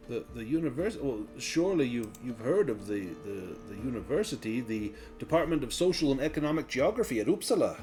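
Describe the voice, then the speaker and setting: A fussy, aloof scholar who stammers and defends his research in a tabletop game, as a man puts him on. The voice sits at an ordinary middle pitch, with faint music underneath. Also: big pitch swings, a little fast, hardly any pauses, dark tone, close to an everyday voice. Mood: defensive. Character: aloof obsessive male scholar, older man.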